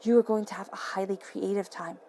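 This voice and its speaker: A woman giving a tarot reading to camera, earnest and excitable, repeating affirming phrases and sometimes tripping over her words. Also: medium pitch, brisk, gravelly, a little hiss or hum. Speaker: tarot reader. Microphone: camera mic.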